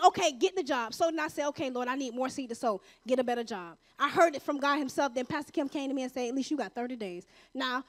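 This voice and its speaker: A woman giving a lively, conversational testimony from a church pulpit, acting out bits of dialogue. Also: very high-pitched. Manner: lively, conversational preaching with asides and acted-out dialogue. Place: church sanctuary.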